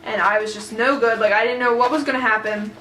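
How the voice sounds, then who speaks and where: A woman retelling a book in a casual, excited, rambling way, full of fillers. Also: a little high, fast talker, echoey room, slight background noise, rough recording. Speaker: book vlogger.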